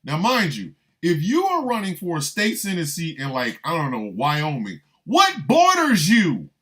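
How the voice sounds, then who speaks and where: A man performing a comic monologue, his slightly high voice swinging widely from low mutters to incredulous squeaks. He riffs in loops, repeating punchlines and breaking into mock-baffled asides. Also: normal speed. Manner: animated, repetitive riffing with mock-incredulous asides. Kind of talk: comedic monologue.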